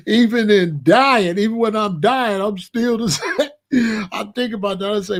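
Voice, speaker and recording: Animated man telling a comic story. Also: high voice, normal speed. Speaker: show host.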